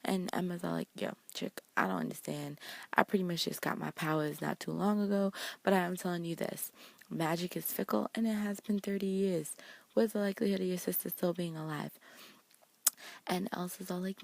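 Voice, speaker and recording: A woman recapping a TV episode in a casual vlog, talking fast and slangily as she paraphrases the characters' lines. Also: on the low side, creaky, no room sound.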